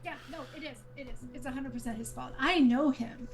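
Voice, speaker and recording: A woman's voice: high-pitched, fairly quick. A woman playing a tabletop game, talking casually and emphatically. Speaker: player.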